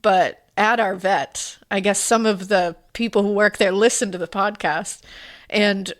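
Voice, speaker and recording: A woman's voice: mid-range voice, steady tone, unhurried. A woman co-hosting a podcast, telling a personal story in casual chat, rambling and emotional with lots of fillers. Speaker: podcast co-host.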